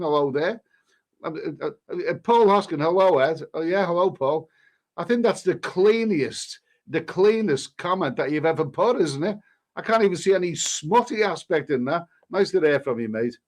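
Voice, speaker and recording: A man, a travel vlogger, casually reading viewer comments aloud and answering them in a halting way with many restarts. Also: a little high. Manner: halting, frequent restarts, reads comments aloud then replies. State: coughing now and then. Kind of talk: casual live-stream chat.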